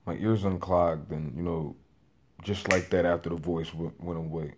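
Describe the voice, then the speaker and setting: A man's voice: deep voice, steady tone, moderate pace, noisy background. A man in his late twenties telling a personal testimony in a rambling, restarting way with lots of fillers. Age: 20s. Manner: says he is a loud talker working on voice control. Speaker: vlogger.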